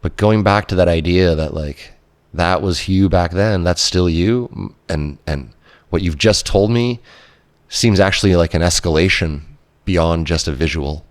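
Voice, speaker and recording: Low-voiced man hosting a podcast. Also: no echo. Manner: slow, reflective, gently affirming. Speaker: podcast host. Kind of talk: conversational interview.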